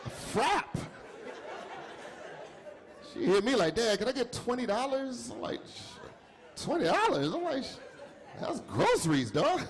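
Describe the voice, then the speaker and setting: A man's voice: extremely high pitch, normal speed. A middle-aged man doing a stand-up comedy set, telling stories with acted-out dialogue. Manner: animated storytelling with acted-out dialogue. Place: comedy club stage with audience. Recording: live set with faint crowd. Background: audience laughter.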